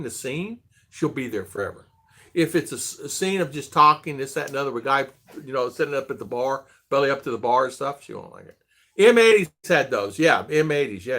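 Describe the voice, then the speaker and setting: Man, middle-aged, livestream host, chatty, greets viewers by name, bouncy pitch. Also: animated, brisk, bright, forceful tone. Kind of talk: casual livestream chat.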